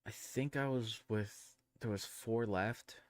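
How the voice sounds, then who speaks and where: A man's voice: on the low side, slow, dry recording, studio quality. A man live streaming, telling rambling casual stories with crude slang, fillers and restarts.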